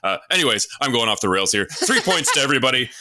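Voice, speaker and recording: A man's voice: mid-range voice, very animated, fast talker, bright, forceful tone, no room sound, clean studio sound. A man hosting a comedy podcast, joking crudely and handing out points to his co-hosts.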